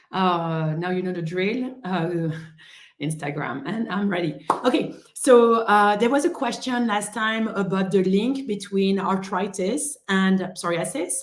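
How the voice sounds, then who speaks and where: A woman's voice: medium pitch, echoey room. A woman with a French accent, a rheumatologist hosting a casual live-stream lesson, chatty and full of "uh" and "um" fillers.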